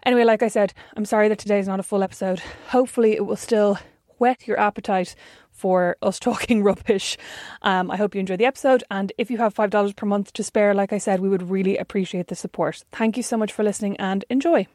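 An Irish woman in her thirties hosting a podcast in easy, chatty talk, poking fun at herself as she goes. Her voice sits at an ordinary middle pitch and sounds close and dry, with no room around it. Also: fairly even intonation, fast, hardly any pauses, darkish tone, no echo. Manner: chatty and self-mocking. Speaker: podcast co-host. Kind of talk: casual chat.

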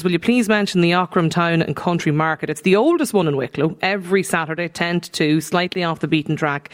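A woman hosting live radio on location, bubbly and quick to laugh as she reads out listener texts. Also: on the low side. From Donegal, Ireland. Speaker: radio host. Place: live broadcast from a hotel.

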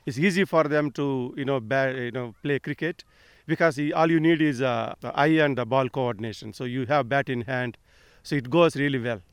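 A man from a cricket club answering interview questions, eager and halting with simple phrasing. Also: medium pitch, smooth, dry recording, clean studio sound.

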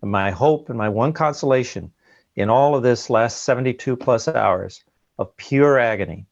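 A man speaks as an interview guest with a gravelly, creaky voice. He talks in an earnest, halting way, often doubling back on his words. The sound is dry and muffled, like a lo-fi remote line. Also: medium pitch, no room sound. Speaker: guest recounting a submersible ordeal. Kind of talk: emotional interview account.

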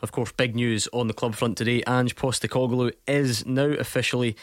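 Radio host, dry studio sound. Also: male voice, medium pitch, steady tone, dry recording. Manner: brisk, teasing, laughs easily. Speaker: radio sports phone-in host. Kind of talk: casual radio chat. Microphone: studio microphone.

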